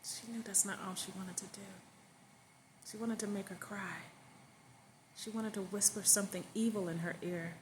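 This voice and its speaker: A woman's voice: medium pitch, fairly even intonation, normal speed, pauses often, a little hiss or hum. A woman narrating a story casually in her own words, with fillers and emphatic stress.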